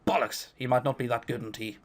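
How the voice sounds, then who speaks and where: A man's voice: medium pitch, steady tone, fast talker. A man reading a visual novel aloud with sarcastic, swearing commentary, troubled by a cough. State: has a cough. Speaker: let's play host.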